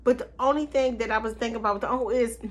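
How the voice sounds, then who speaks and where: A woman's voice: a little high, steady tone, racing. A woman recapping a reality TV episode in a casual, chatty way, with slangy asides and frequent laughs. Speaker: TV recap vlogger.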